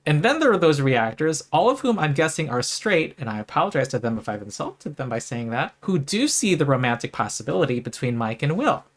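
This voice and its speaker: A man narrating a scripted video essay, making a measured, earnest case to fellow fans. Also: a little high, big pitch swings.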